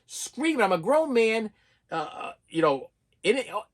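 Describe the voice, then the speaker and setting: A man's voice: high voice, very animated, moderate pace. A man in his fifties giving a raw, emotional personal rant to camera, full of stammering restarts and repeated phrases. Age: 50s. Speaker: vlogger.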